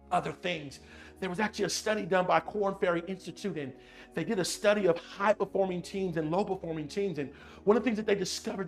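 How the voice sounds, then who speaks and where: High, gravelly-voiced man giving a motivational talk. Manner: animated, repetitive, talks straight to the audience. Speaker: motivational speaker on emotional intelligence. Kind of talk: motivational talk with personal story.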